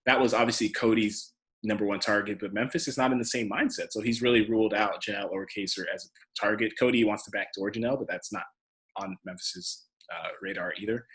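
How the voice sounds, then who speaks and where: A man's voice: on the low side, fast talker, a bit bright. Man co-hosting a casual recap. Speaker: podcast co-host.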